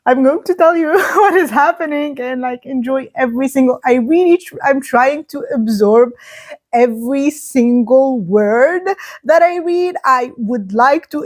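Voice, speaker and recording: A woman who vlogs about books gives a spoiler review in casual chat, gushing and excitable. Her slightly high voice is full of fillers and restarts.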